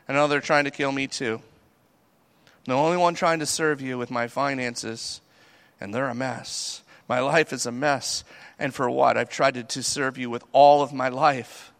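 Gravelly, bright-voiced male preacher. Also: mid-range voice, moderate pace. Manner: animated, conversational preaching. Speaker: pastor. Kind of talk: sermon.

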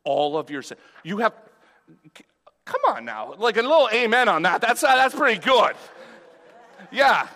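Male pastor, bright and forceful, emphatic sermon in a reverberant church. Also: very high-pitched, sing-song, a little slow, long pauses. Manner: emphatic, conversational preaching with rising exclamations. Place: church sanctuary.

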